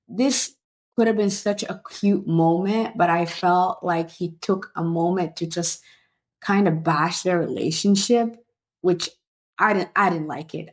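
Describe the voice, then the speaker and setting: A young adult woman hosting a casual reality show recap, talking in an animated, incredulous and opinionated way. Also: on the low side. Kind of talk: casual review vlog.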